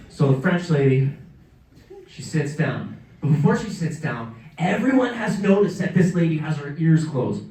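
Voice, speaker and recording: Stand-up comic, male, lively storyteller, roomy distant live sound. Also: moderate pace, a little hiss or hum. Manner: animated, acts out characters with pitch jumps. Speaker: stand-up comedian. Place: comedy show in a museum hall. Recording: roomy live venue, mic heard from afar.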